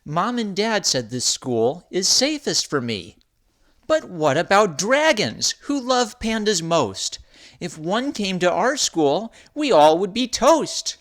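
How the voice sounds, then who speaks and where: A man's voice: very animated, slow, full character voice. A man voicing a small, polite girl bear cub who speaks up in class in a storybook reading. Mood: polite, worried. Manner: high, bright, eager child voice.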